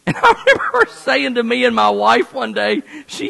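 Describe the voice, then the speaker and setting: Man, pastor, sermon, high voice, bright tone, animated storytelling, reverberant church hall. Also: normal speed, gravelly. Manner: animated storytelling, playful asides.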